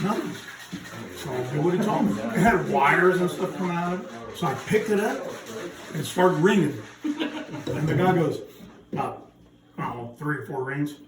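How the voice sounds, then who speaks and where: Animated man telling a story to a crowd. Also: high-pitched. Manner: animated, laughing through the story. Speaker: son-in-law giving a wedding speech. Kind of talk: comic storytelling speech. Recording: echoey hall from far off with crowd.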